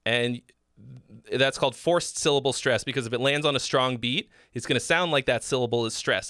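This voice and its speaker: A man's voice: medium pitch, normal speed, pushed and bright, clear, resonant tone, no room sound, clean studio sound. A man hosting a casual livestream song critique, talking frankly and loosely with swearing and lots of fillers and restarts. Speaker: host giving song feedback.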